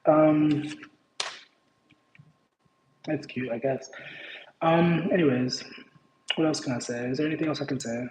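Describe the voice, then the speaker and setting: In a fairly high, steady voice, a man gives a casual tarot reading at an unhurried pace with frequent pauses. He rambles playfully and often interrupts himself mid-thought. The room is echoey, with faint background noise.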